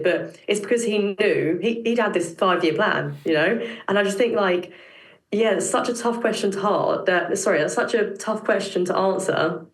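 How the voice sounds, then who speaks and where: A woman's voice: mid-range voice, brisk, echoey room. A young woman from Britain, a tumbler, chatting as a podcast guest, full of "like" and restarts. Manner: chatty, many fillers and restarts. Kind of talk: casual interview chat.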